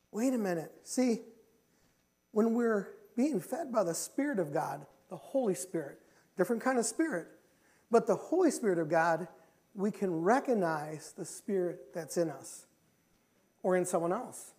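A man preaching a sermon as pastor, impassioned and repetitive, with swings between loud declarations and quiet confession. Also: sits high, lively intonation, moderate pace, husky. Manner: confessional, quiet when telling his own story.

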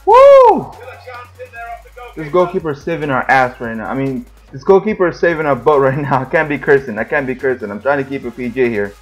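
A young man hosting his gaming channel, giving live, excitable commentary on a football game, yelling and groaning at the play and complaining often. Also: medium pitch, fast talker, hardly any pauses, highs cut off, faint music behind.

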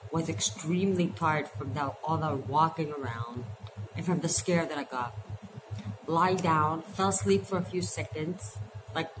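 Chatty woman vlogger, lowish voice. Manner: rambling, chatty retelling with quick asides. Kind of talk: casual storytelling vlog. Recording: noisy background ambience.

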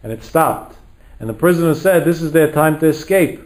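A man's voice: fairly high pitch, animated, normal speed, rough recording. Dramatic storytelling rabbi, man. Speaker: rabbi lecturer. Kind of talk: storytelling sermon.

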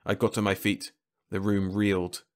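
Male audiobook narrator, low-pitched, measured and even. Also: clean tone. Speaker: storyteller. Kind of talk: scripted narration.

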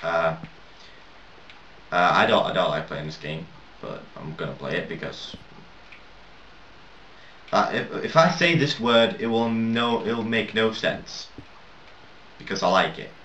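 A man's voice: deep voice, unhurried, long pauses, a bit bright, a little hiss or hum. A young man rambling and swearing through casual gameplay commentary, laughing at his own mistakes. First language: not English. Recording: lo-fi roomy home mic at a distance.

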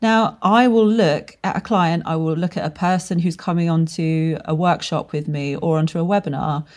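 A woman with a slightly low voice hosts a solo podcast about running a business. She talks frankly and casually, dropping swear words as she goes. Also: steady tone, moderate pace, darkish tone. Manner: candid, swears freely, storytelling with laughs. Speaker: podcast host and brand strategist.

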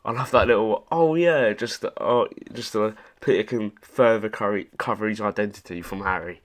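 A man's voice: lowish voice, steady tone, moderate pace, fairly bright tone. Sweary sarcastic gaming guy. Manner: sarcastic, sweary running commentary. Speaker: gaming YouTuber. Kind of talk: gameplay commentary.

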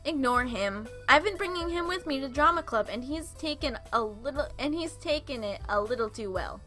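A woman's voice: sits high, expressive, moderate pace, pushed and bright, faint music behind. A young woman reading a visual novel aloud, with playful, giggly asides and silly voices for the characters. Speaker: let's play host reading a visual novel. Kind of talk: reading a dating game aloud with commentary.

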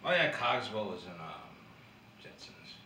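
A rambling, crude man chats casually over drinks, his pitch swinging lively up and down. He sits some way off from the mic in a roomy space. Steady background noise runs under his voice. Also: measured pace, far from the mic. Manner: rambling, crude, does little voices for characters. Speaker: vlog host.

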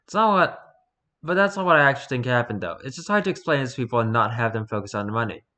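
A man casually reading a spooky first-person story aloud, relaxed and unpolished, stumbling and correcting himself as he goes. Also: medium pitch, fast talker. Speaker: story reader.

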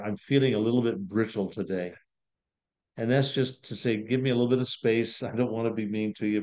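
A man's voice: on the low side, a little mellow. A man pastor teaching a Bible study in a conversational storytelling manner. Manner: conversational, storytelling, acts out quotes. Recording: dull lo-fi video call audio.

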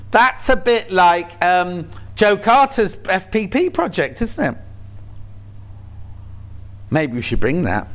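A man's voice: fairly high pitch, fairly bright tone. A man presenting on a shopping channel, chatting in a jokey, rambling way about fabrics and his cats. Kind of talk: casual chat. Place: TV studio.

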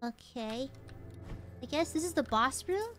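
A woman's voice: high voice, animated, unhurried, a bit bright, soft background music. A woman streamer giving casual gameplay commentary, playful and boastful, swearing and talking to her chat.

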